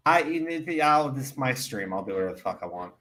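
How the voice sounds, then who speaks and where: A young man chatting casually on his stream, telling stories with lots of swearing and growing excitement. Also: mid-range voice, fast talker. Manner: profane, excitable, animated storytelling. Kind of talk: casual chat.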